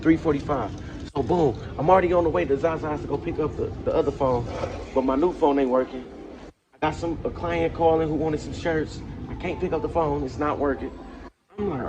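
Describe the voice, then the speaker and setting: A man vlogging a casual storytime rant, animated and swearing heavily, with loud angry outbursts. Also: medium pitch, fast talker, muffled recording, music in the background.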